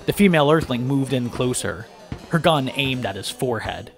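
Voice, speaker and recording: A man narrating a first-person story aloud with lively, dramatic delivery. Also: mid-range voice, moderate pace. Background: background music.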